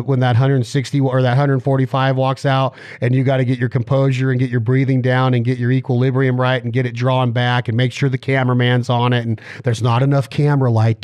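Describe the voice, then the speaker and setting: A man's voice: medium pitch, a little mellow, no room sound, studio quality. A man hosting a casual interview, joking and rambling through long strings of questions. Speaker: podcast host.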